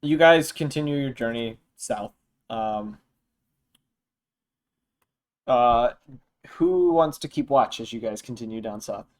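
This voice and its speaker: A young man running a tabletop game as dungeon master, narrating in a relaxed, meandering way with fillers. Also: medium pitch, slow, long pauses.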